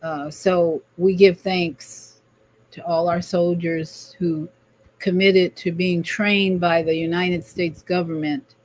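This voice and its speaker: A woman's voice: on the low side, flat delivery, takes it slowly, darkish tone. A woman hosting a spiritual livestream talk show, speaking in an emphatic, preachy way and often repeating words. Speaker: livestream host.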